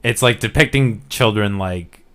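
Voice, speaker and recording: A man's voice: on the low side, unhurried, fairly bright tone. Rambling man hosting a casual podcast. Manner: rambling, hesitant, swears often. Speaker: podcast host.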